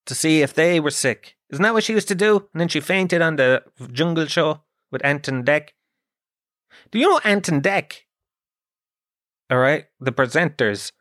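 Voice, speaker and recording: A man's voice: a little high, a bit bright, dry recording, studio quality. Swearing, rambling man telling stories. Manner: rambling, self-mocking, swears freely. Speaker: podcast host. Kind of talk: casual storytelling monologue.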